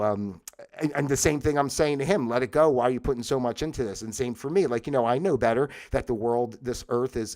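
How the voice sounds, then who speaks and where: Rambling man hosting a livestream. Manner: rambling, many fillers and restarts; bursts into loud, high exasperated outbursts. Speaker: livestream host. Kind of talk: casual solo livestream monologue.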